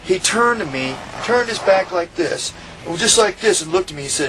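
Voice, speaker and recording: Interviewee, man, fired-up storyteller who acts out the quotes, voice sits a bit high. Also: animated, moderate pace, background noise. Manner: heated, profane, acts out quoted lines. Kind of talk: animated storytelling.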